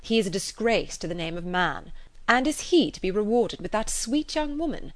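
A woman reading aloud, voicing a grave older gentleman who speaks low and measured. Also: natural voice. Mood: tender.

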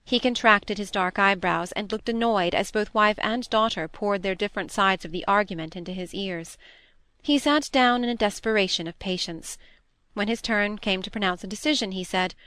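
A woman reading a classic novel aloud in a measured, even narration. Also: mid-range voice, dry recording. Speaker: audiobook reader.

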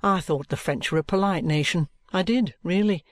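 A man playing a shrewd police detective, speaking in a cool, deliberate, coaxing way. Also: sits high, no room sound, pitched above the performer's own voice, lightly acted. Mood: firm. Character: shrewd, calm male police detective, firm and patronising.

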